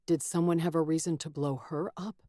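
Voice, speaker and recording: A woman's voice: low-pitched, steady tone, brisk, warm tone, no room sound, studio quality. Woman voicing a tense, clipped young soldier. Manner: urgent, clipped. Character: young man, soldier, urgent and protective. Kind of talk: audiobook character voice.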